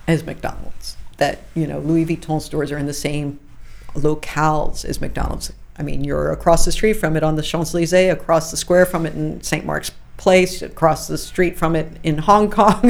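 A middle-aged woman, a fashion journalist being interviewed, telling lively anecdotes with frequent asides. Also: deep voice, unhurried, gravelly. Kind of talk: conversational interview storytelling.

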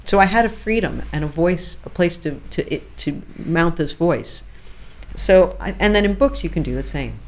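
Low-voiced woman telling animated stories. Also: normal speed. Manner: animated anecdotes with frequent asides. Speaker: fashion journalist and author, interview guest. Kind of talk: conversational interview storytelling.

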